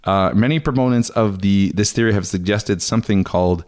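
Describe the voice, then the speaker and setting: A man's voice: lowish voice, fairly quick, a little mellow. A young man hosting a podcast, chatting casually, laughing often and reading out articles. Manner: chatty, laughs often, reads quotes in a mock voice. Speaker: podcast host.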